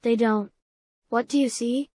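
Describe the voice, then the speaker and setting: Woman reading calm coaxing boy. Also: on the high side, a little slow, dry recording, close to an everyday voice. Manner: calm, coaxing, repetitive questions. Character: calm, questioning boy Sam.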